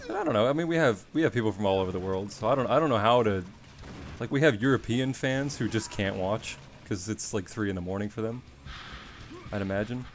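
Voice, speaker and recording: A man's voice: fairly low pitch, a little fast, slight background noise. A man from Australia chatting casually on his stream, rambling and wry, swearing now and then.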